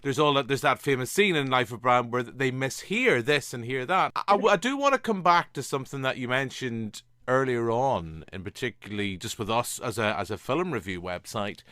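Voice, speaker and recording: A Northern Irish man hosts a film review podcast, his voice at a middle pitch. He asks his question in a rambling, hesitant way, and the sound is dry and close. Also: lively intonation, normal speed, hardly any pauses, bright, forceful tone, no echo. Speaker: podcast host interviewer. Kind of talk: casual interview questions.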